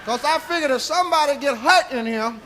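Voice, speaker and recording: High, bright-voiced male stand-up storyteller. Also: a little fast, a little hiss or hum. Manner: profane, rambling tall tale with tag "see?"; drops to a hushed voice for quoted lines, rises to shouting at the climax. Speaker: stand-up comedian. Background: audience laughter.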